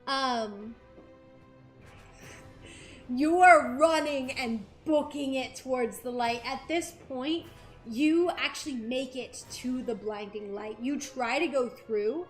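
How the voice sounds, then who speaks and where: A woman narrating a tabletop game as dungeon master, describing scenes in an unhurried way and often giggling. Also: sits high. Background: faint game music.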